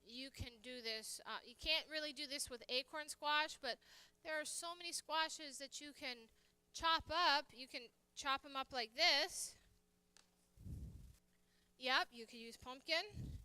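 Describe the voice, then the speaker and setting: A woman's voice: high voice, unhurried, pushed and bright, no room sound. A woman chef giving a live cooking demonstration, chatty and telling stories while she works. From United States. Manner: chatty, anecdotal, talks while working. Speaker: guest chef. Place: church hall kitchen demonstration.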